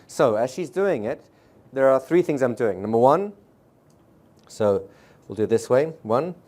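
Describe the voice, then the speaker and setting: A man teaching a live seminar audience. He talks in a brisk, conversational way, checks in with the room often, and sometimes slows right down to show a point. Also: mid-range voice, lively intonation, a little mellow. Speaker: seminar trainer.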